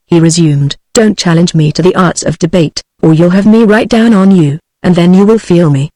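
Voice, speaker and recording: A text-to-speech woman's voice with a British English accent, reading a novel aloud at a measured, steady pace. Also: lowish voice, no echo. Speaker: audiobook narrator.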